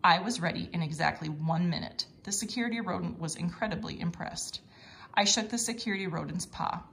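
A woman's voice: fairly low pitch, a little fast, vocal fry, fairly bright tone, slight background noise. A woman reading a children's mystery storybook aloud, with playful voices for the mouse characters. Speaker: read-aloud narrator.

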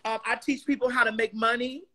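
A talk-show guest, a woman with a bright, clear voice who talks emphatically. She stumbles and restarts words and quotes scripture like a preacher. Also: on the high side, fairly even intonation, fairly quick. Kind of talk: casual interview chat.

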